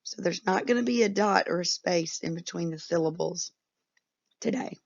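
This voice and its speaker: A woman's voice: fairly low pitch, vocal fry, lo-fi sound. A woman teacher giving a patient phonics lesson to young children, drawing out each word. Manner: patient, instructive, drawn-out words.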